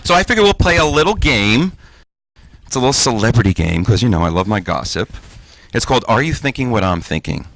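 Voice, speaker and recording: A man's voice: mid-range voice, big pitch swings, fairly quick, a bit bright, no room sound. A man in his forties doing a stand-up comedy set on stage, with punchy, self-mocking delivery. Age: 40s. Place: stage before a live audience.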